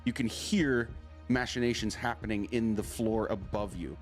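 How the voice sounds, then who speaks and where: A man narrating a tabletop game as game master, loud and excitable, often breaking into laughter. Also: lowish voice, moderate pace, faint music behind.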